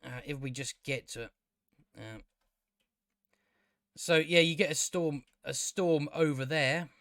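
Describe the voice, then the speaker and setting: Man, high-pitched, dry close sound; rambling casual reviewer, incredulous and exasperated. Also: slow pace, a bit bright, dry recording. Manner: exasperated, incredulous, full of fillers and restarts. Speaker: TV show reviewer.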